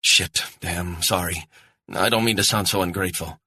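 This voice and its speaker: A man's voice: low-pitched, moderate pace, bright, forceful tone, breathy edge, no room sound, exaggerated voice. A man voicing a young, educated Scottish woman who is stranded and apologetic, speaking in a pleading, earnest way. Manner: pleading, rising urgency, apologetic.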